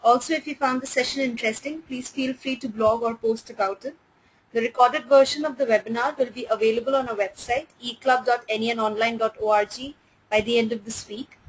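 A woman's voice: fairly high pitch, steady tone, a little fast, slightly rough, low-quality recording. Polite woman webinar moderator. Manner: polite, formal, reads out details. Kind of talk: reading announcements and closing a webinar.

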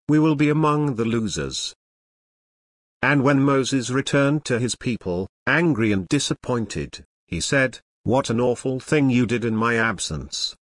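A man reading a scripture translation aloud in a solemn, measured way, pausing after each short clause. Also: medium pitch, fairly bright tone, no room sound, clean studio sound. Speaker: scripture reader.

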